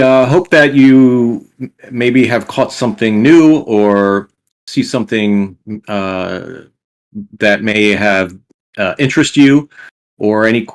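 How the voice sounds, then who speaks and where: A man with a lowish voice joins a group discussion and speaks in a hesitant, halting way. He stops often and fills the gaps with "uh" as he invites questions. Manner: halting, hesitant with many fillers. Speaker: discussion panelist.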